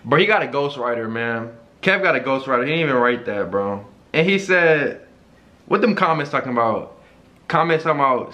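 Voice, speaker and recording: A man giving casual reaction commentary, animated, slangy and joking. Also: medium pitch, a little fast, dull audio. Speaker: YouTuber reacting to a video.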